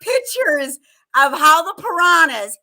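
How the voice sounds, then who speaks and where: A woman with a bright, forceful voice, chatting casually as co-host of a live fan show. She talks in an animated way and keeps breaking into quoted movie lines with a laugh. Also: very high-pitched, slow.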